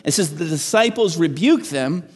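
A man, a pastor, preaching a sermon in an animated, emphatic way with frequent restarts. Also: a little high, normal speed, husky, long reverb tail. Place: church.

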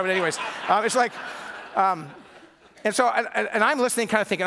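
A man's voice: sits high, racing, bright, forceful tone. A middle-aged man from Michigan preaching a sermon as pastor, telling stories and acting out the voices of people he quotes.

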